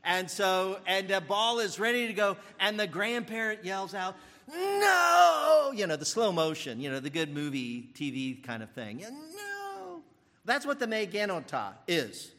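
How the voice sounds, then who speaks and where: Older male pastor, lively and bright-voiced, sermon with fillers, long church reverb. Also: high voice, normal speed, hardly any pauses. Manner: animated, thinking aloud with fillers and restarts.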